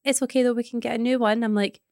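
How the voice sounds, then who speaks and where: A Scottish woman in her thirties, a podcast co-host telling everyday stories in casual chat, animated and swearing now and then. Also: fairly high pitch, racing, dry recording, clean studio sound.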